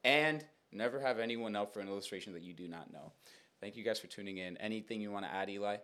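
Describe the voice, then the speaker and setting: A young man hosting a podcast, telling a story in casual chat, animated and rambling with lots of fillers and repeats. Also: on the low side, fast talker. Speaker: podcast host.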